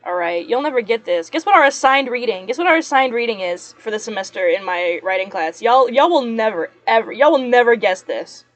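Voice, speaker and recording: Young woman, higher voice, casual rambling streamer chat with frequent laughs. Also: lively intonation, fairly quick, hardly any pauses, dry recording. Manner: chatty, rambling, laughs often. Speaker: streamer chatting with viewers. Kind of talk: casual chat while working.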